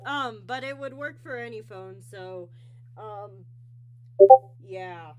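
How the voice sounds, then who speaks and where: A woman's voice: mid-range voice, fairly even intonation, slow pace, sharp tone, faint music behind. A young woman hosting a casual online interview, rambling and sidetracked, with lots of ums and restarts. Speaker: interview show host.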